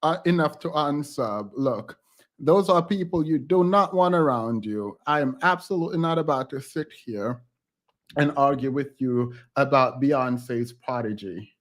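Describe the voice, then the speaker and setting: A man's voice: medium pitch, measured pace. A man hosting a reaction commentary channel, talking in a sassy, emphatic and dismissive way.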